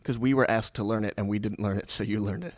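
A man's voice: fairly low pitch, fairly even intonation, fast talker, no room sound, studio quality. A man co-hosting a podcast, teasing his friends in casual chat and laughing often. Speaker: podcast co-host.

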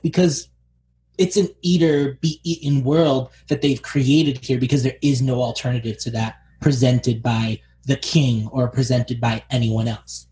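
A man's voice: medium pitch, fairly even intonation, normal speed, a little mellow, a little hiss or hum. A man co-hosting a podcast, chatting casually about a TV series, peppering his talk with fillers. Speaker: podcast co-host.

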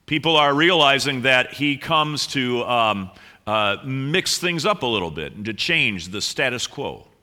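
A man's voice: mid-range voice, animated, measured pace, bright, forceful tone. A male pastor preaching a conversational sermon, playfully teasing the congregation and often repeating words as he goes.

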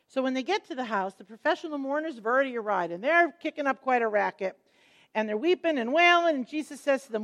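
Woman, middle-aged, Bible teacher, fairly high voice, expressive storytelling. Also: quick pace. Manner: expressive storytelling, acts out quotes.

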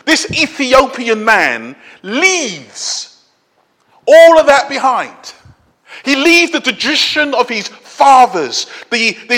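High, bright-voiced preacher in a hall. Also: male voice. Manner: conversational preaching with emphatic repetition. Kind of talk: sermon.

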